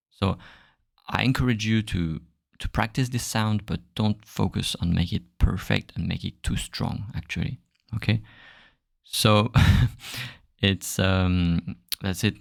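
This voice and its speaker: A French-accented man teaching a podcast lesson, slow and unhurried, hunting for his words between fillers. His voice sits very low with a gravelly, fry-heavy edge. The sound is dry and close, with no room around it. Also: no echo. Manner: relaxed, searching for words, many fillers.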